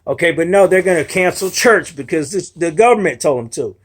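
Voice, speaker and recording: Frustrated and argumentative, a young adult video blogger rambles through a casual monologue, frequently starting over and quoting other people in imitation. He speaks a little fast in an expressive, husky voice that sits on the high side.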